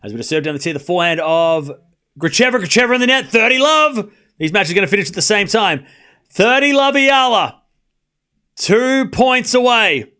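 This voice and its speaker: This excitable male streamer has a high, smooth voice at normal speed as he does live tennis play-by-play. Chatty and slangy with frequent asides, he speaks directly to his chat and bursts into shouts at big points.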